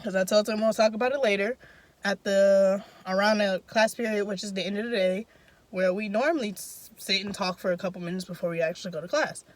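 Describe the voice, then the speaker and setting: A woman's voice: mid-range voice, fairly quick. A young woman in casual storytime, telling a story with emphatic, profanity-heavy slang. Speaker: vlogger.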